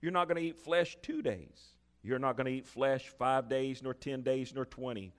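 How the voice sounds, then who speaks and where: Man preaching with lively chuckling asides. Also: medium pitch, moderate pace. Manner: reads scripture then breaks into lively asides with chuckles. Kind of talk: sermon reading and expounding scripture.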